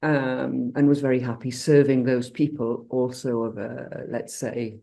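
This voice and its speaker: An older woman talking over a video call in a relaxed group discussion. She rambles through her story, circling back with restarts and fillers as she goes. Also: rumbling low, a little slow, creaky. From Britain. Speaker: coach.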